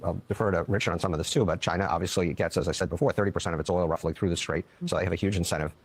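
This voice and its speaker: Man, economic analyst, very deep voice, rapid measured explanation, news panel. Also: steady tone, slightly rough.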